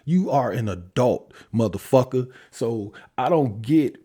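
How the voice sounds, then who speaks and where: A man's voice: measured pace, slightly rough. Older guy on a podcast mic, cussing a lot, blunt casual rant, voice jumps all over. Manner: blunt, heavy cursing, animated swings in pitch. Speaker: podcast host. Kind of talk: casual commentary.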